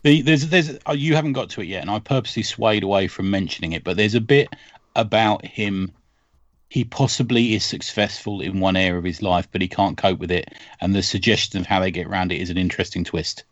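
A man's voice: low-pitched, brisk, dry recording, dull audio. A man on a podcast, chatting casually about comics, telling stories with laughs and acting out quoted lines. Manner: animated storytelling, laughs often, acts out quoted lines. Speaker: podcast host.

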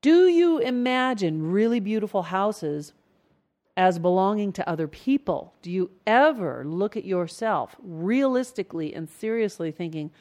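A woman coaching her listeners through a relaxed self-help lesson at a middling pitch. She talks to them directly and asks question after question. When she acts out the inner voices she shifts her tone. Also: a little slow. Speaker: self-help coach leading a trance series.

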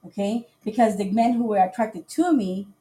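A woman with a mid-range voice tells a dating story on her casual live podcast at a moderate pace. She's animated, laughs often, and acts out what people said.

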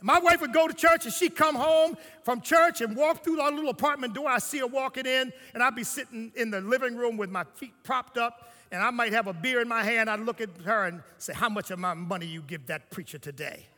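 An older man preaching a sermon, telling his story and swinging between hushed lines and shouts. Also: very high voice, brisk, few pauses, long reverb tail.

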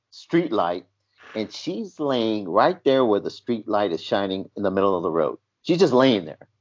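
A man who used to be a paramedic, chatting casually and telling a story animatedly, acting out the voices in it. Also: on the low side. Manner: animated, acts out voices in his stories. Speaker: former paramedic telling stories. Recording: dull lo-fi audio.

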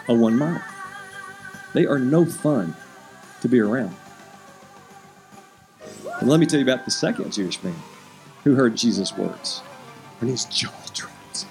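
A man's voice: mid-range voice, a little mellow, rough recording. A man preaching a sermon, telling a story and acting out the characters' voices while he asks the listeners questions.

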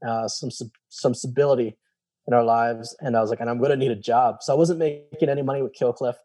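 He's a fast talker with a medium-pitched voice, a man telling his personal story as a guest in casual conversation. He acts out quoted dialogue with animation, peppering it with fillers and frequent "I was like."

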